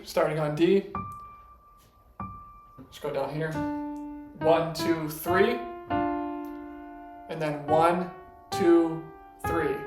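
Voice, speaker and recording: A man teaching a casual piano lesson, patient, explaining step by step and counting notes out loud. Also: on the high side. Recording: echoey room with piano playing. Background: piano notes between lines.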